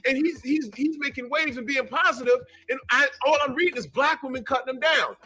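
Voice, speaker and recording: A man's voice: extremely high pitch, fairly quick, few pauses, sharp tone, soft background music. A man in a heated debate, pressing with the same question again and again. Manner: insistent, repeats questions. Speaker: panelist.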